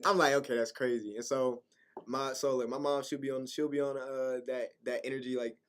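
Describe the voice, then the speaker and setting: A young man co-hosting a college radio show, telling rambling, animated stories in casual slang. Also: mid-range voice, brisk, clean tone. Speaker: co-host. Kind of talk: casual chat.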